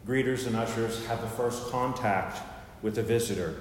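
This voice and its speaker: Folksy pastor in an echoey sanctuary. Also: male voice, mid-range voice, normal speed, slight background noise. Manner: folksy, joking, conversational preaching. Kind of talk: sermon. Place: church sanctuary. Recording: very echoey hall with long reverb.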